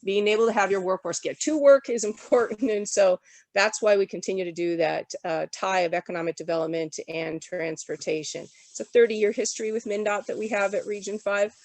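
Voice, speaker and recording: Woman presenter, sick, rattling off updates fast in an auctioneer voice over a dry video-call mic. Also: medium pitch, darkish tone, dry recording. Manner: rapid-fire auctioneer-style delivery. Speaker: regional development commission presenter. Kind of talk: briefing presentation at an online summit.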